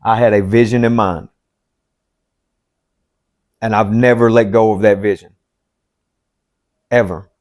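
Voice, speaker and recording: A man's voice: lowish voice, fairly even intonation, measured pace, pauses often, a little mellow. A man, a life coach, gives a motivational self-help talk, blunt and profane and driving each point home by repeating it.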